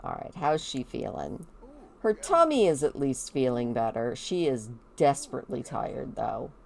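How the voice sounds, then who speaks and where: A woman giving casual gameplay commentary, chatty and animated, talking to the characters on screen. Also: rumbling low, a little slow, vocal fry, slight background noise.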